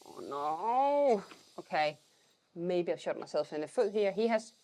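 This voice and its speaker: A woman's voice: lowish voice, moderate pace, a little mellow. Chatty woman thinking aloud. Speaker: vintage reseller vlogger. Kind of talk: casual vlog chat.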